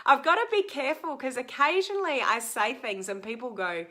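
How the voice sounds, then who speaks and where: Chatty middle-aged Australian woman, bright tone, live-stream coach answering viewers. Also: high voice, fairly quick. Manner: chatty, answers viewer comments, frequent ums. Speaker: social media coach.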